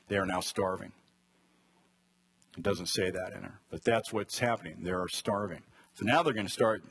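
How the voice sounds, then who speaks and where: A man's voice: fairly low pitch, fairly bright tone, breathy edge. A man teaching a conversational Bible study sermon and asking his listeners direct questions. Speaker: preacher.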